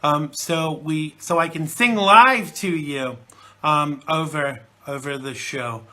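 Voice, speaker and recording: Hosting a live internet talk show from the UK, this man is getting over a chesty cold and rambles along with plenty of fillers. His voice is on the high side, pushed and bright, at a slow pace.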